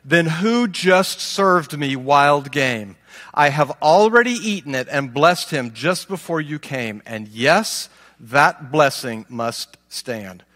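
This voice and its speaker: A man voicing an aged father who speaks in a low, slow and subdued way. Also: expressive, sharp tone, long reverb tail, exaggerated voice. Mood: shaken. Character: aged father, weary and grave.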